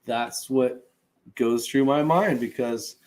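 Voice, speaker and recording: A man's voice: mid-range voice, slow pace, darkish tone. A man who hosts his own livestream, reading viewer comments and answering them in a loose, rambling way. He pads his talk with fillers and small chuckles as he goes. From California. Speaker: host reading live chat. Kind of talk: casual livestream chat.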